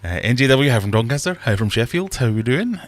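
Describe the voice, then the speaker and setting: A man's voice: mid-range voice, very animated, fast talker, dry recording. A man hosting a casual livestream from his fish room, rambling and self-deprecating as he reads chat aloud. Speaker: livestream host.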